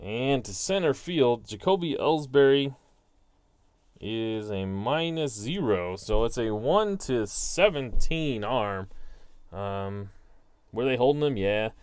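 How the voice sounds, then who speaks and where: On his own channel, a man calls a tabletop baseball simulation play by play, reading each dice result and then narrating it like a broadcaster, with the odd self-deprecating aside. His medium-pitched voice is animated, slow and a little mellow. The tone is clean, with no echo.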